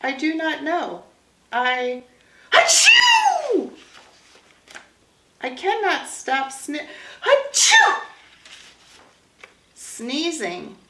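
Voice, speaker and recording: Gerald is a big, worried elephant who turns everything into a drama, as a woman reading aloud puts him on, and his lines swoop up and down with halting, sneezy pauses. He takes his time over every word. An echoey room rings around him. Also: high voice, very animated, noisy background, heavily acted. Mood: fretful. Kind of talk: picture-book read-aloud.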